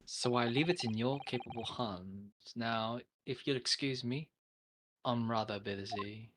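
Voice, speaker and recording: A man's voice: mid-range voice, measured pace, noisy background, close to an everyday voice. A man voicing an aloof, vain male detective in a languid, posh, offhand way while reading a game aloud.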